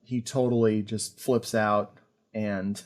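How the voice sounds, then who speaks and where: Animated man hosting a film podcast. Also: lowish voice, slow. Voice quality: animated, laughs often, many fillers. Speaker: podcast host. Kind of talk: casual film review chat.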